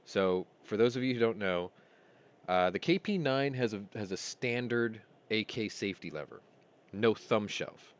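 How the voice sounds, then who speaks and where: Low-voiced man in casual chat. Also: animated, normal speed. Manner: rambling storyteller, retells dialogue. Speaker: host.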